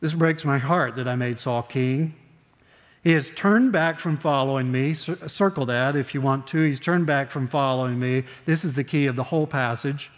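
Older guy preaching a sunday sermon, earnest, slows way down on the big lines, mid-pitched, lots of church reverb. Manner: earnest, slows down on key phrases, conversational asides. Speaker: pastor. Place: church sanctuary.

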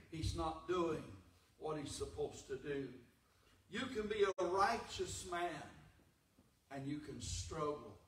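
High-voiced preacher in an echoey hall. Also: male voice. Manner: swings from loud preaching to hushed, low delivery. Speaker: pastor. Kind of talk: Pentecostal sermon. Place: church sanctuary. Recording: echoey church hall from far off.

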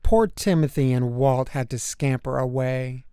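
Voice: medium pitch, a little slow, dark tone, clean tone, dry recording, studio quality. A reader narrating a rhyming children's picture book aloud, with a lilting rhythm and playful voices for the characters. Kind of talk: storybook read-aloud.

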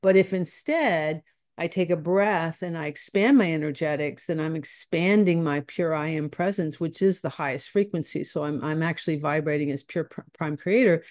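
A woman's voice: low voice, normal speed, a little mellow. A woman guest teaching spiritual ideas in conversation, earnest and searching, often restarting her phrases.

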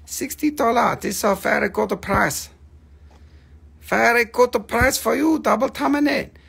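A man's voice: extremely high pitch, monotone, normal speed, vocal fry, fairly bright tone, pitched above the performer's own voice, full character voice. A man putting on a haggling foreign-accented rock seller who speaks in broken English and pushes his bargains. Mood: pushy.

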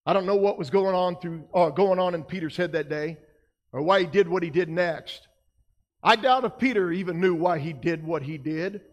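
A male pastor preaching a sermon, emphatic, his delivery swinging between soft passages and loud ones. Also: high-pitched, normal speed, long reverb tail, dull audio. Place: church sanctuary.

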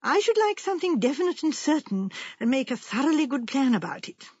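A woman voicing a gentle elderly spinster who speaks mildly and rambles a little. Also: high voice, big pitch swings, a little fast, no echo, pitched above the performer's own voice. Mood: musing. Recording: muffled lo-fi.

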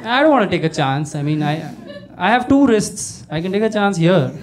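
A man performing a stand-up comedy set, telling his story in a wry, conversational way with quick asides. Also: high-pitched, expressive. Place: comedy venue with a laughing audience. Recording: loud crowd laughter and room noise.

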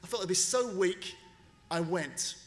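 A man's voice: sits high, unhurried. A man giving a graduation speech, telling a story with energy and acting out the people he quotes. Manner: animated storyteller, acts out quoted voices. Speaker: commencement speaker. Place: graduation ceremony venue. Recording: long reverb of a large venue.

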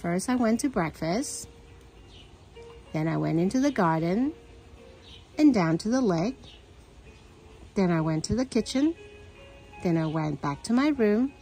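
A woman's voice: mid-range voice, animated, a little slow, long pauses, mellow, faint music behind. A woman reading aloud, voicing a forgetful male professor who frets over his lost bone. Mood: fretful. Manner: fretful, exclaiming.

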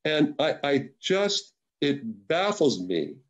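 A man's voice: a little high, big pitch swings, slow, dull audio. A man giving unscripted remarks on a policy panel, earnest and emphatic, stumbling through restarts and repeated words. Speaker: panel discussant at a policy webinar.

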